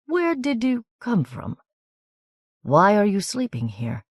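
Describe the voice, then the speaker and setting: A woman voicing a tall soldier officer who speaks slowly, courteously and in a measured way while questioning a girl. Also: medium pitch, wildly swooping pitch, no echo, studio quality, voice pushed up, exaggerated voice. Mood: polite probing. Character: tall soldier officer, smooth, polite, probing.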